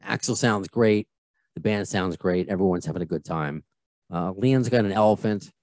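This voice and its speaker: A man's voice: low voice, a little fast, darkish tone, dry recording. A man in his thirties hosting a podcast, chatting casually and rambling through his thoughts with frequent self-corrections. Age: 30s. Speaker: podcast host. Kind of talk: casual chat.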